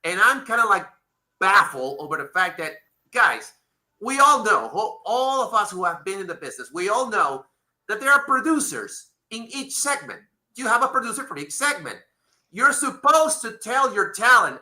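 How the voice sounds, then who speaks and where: A man's voice: sits high, very animated, normal speed, bright, forceful tone. A man, a native Spanish speaker, co-hosting a casual panel chat and explaining his point at length. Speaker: co-host.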